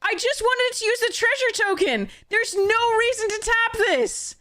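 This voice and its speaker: A woman's voice: extremely high pitch, measured pace, pushed and bright, dry recording, clean studio sound. A woman streaming a card game, talking casually to her chat, exasperated and swearing freely as she rants at the game. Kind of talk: casual livestream commentary while gaming.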